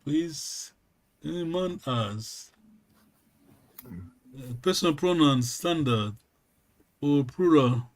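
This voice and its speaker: Slow, patient male language teacher. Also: a little high, animated. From Congo region, Kikongo-speaking village. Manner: slow, patient, checks in with "yes?" often. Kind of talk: online language lesson.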